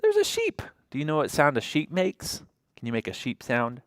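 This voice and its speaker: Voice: mid-range voice, lively intonation, normal speed, dry recording, studio quality. A children's librarian reading a picture book aloud to toddlers, imitating animal sounds and asking the children questions.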